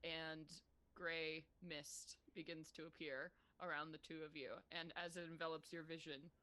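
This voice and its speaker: A woman narrating a tabletop role-playing game as game master, describing scenes in a relaxed way. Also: deep voice, moderate pace.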